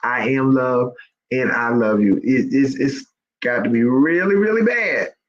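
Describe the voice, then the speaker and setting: A man's voice: mid-range voice, measured pace, slight background noise. A man hosting an inspirational faith livestream, talking in an emphatic, repetitive, preacherly way. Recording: dull lo-fi sound.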